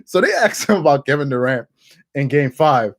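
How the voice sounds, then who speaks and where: A man hosting a casual sports commentary show, animated and laughing, with quick restarts. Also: fairly high pitch. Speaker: host.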